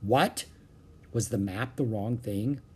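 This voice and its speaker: A man's voice: lowish voice, slow, slightly rough. A man voicing a curious, thoughtful young boy in a storybook read-aloud, talking earnestly.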